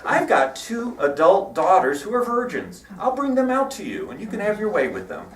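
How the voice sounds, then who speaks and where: A man's voice: high-pitched, big pitch swings, moderate pace, pitched above the performer's own voice. A preacher voicing a flustered man pleading with a mob in casual, wheedling talk, recorded in an echoey hall from a distance. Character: flustered male host bargaining with a mob.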